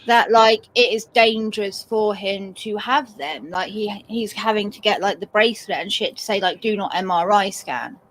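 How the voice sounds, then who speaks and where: A woman's voice: medium pitch, normal speed, few pauses, a bit bright, a little hiss or hum, poor audio. A British woman guest in a casual group chat, joking dryly and crudely. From Britain. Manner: dry, crude humor. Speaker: stream guest.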